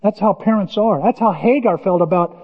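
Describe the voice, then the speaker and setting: An older man preaching a sermon as pastor, impassioned, with folksy asides and sudden shouts. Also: high-pitched, a little fast. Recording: dull distant sound with hall reverb.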